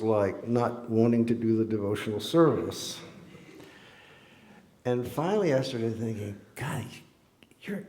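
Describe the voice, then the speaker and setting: Low, mellow-voiced man preaching in an echoey hall. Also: slight background noise. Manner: storytelling, acting out quoted dialogue. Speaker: temple lecturer. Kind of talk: sermon with personal anecdotes. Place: temple hall.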